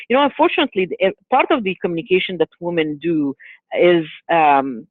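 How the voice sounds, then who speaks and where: A woman's voice: fairly low pitch, sing-song, fairly quick, no echo. A woman speaking as a guest on a webinar, giving earnest advice and often repeating phrases as she thinks aloud. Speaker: guest speaker on workplace bias. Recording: tinny phone-like call audio, dry.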